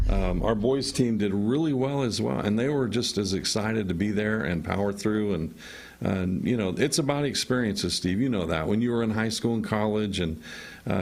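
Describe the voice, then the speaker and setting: Low-voiced teacher, man, steady and explanatory, radio guest. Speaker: teacher and coach.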